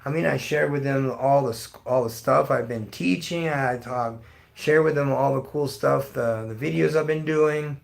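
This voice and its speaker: Gravelly, profane middle-aged man ranting. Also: medium pitch, normal speed. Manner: blunt, heavily profane, ranting. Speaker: livestream host. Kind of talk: profane rant to live chat.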